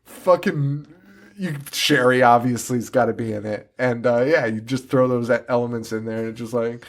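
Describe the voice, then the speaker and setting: A man co-hosting a podcast in casual chat, animated, laughing often and swearing freely while acting out mocking impressions. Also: medium pitch, moderate pace. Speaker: podcast co-host.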